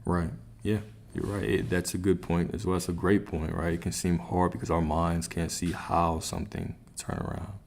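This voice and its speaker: A man's voice: low voice, flat delivery, moderate pace, creaky, hardly any pauses, darkish tone. A man giving a motivational spiritual coaching talk on a livestream, emphatic and repetitive, often checking in with "right?".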